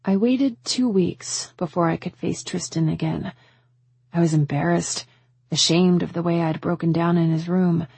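A woman reads a first-person romance audiobook with an intimate, emotional delivery. Her voice is husky and low, with a gravelly fry. The recording is dry and close. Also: steady tone, moderate pace, darkish tone, no room sound. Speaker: audiobook narrator.

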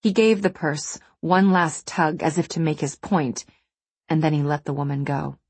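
A woman reads a novel aloud in a low, slightly husky voice with a measured, even delivery. The recording is close and dry, with no room sound at all. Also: no echo. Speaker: audiobook narrator. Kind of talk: scripted narration.

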